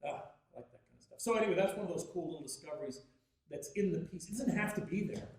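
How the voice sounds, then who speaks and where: A Canadian man giving a lively, jokey workshop talk on music and practice, telling stories and acting out voices. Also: fast talker. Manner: animated, jokey, acts out voices with big pitch jumps. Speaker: guest teacher at a music workshop. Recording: very echoey hall, distant mic.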